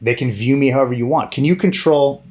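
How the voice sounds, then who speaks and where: A man's voice: mid-range voice, quick pace, a little mellow. Brief: middle-aged male guest, mid-range voice, frank, sweary, rambling, casual. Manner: blunt and profane, full of fillers and restarts. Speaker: podcast guest, director and former stunt performer. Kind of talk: candid interview conversation.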